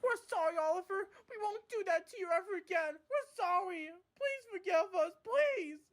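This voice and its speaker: A woman voicing frightened, childish freight cars in a children's audio story, with a squeaky, shaky, tearful voice. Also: lively intonation, moderate pace. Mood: scared.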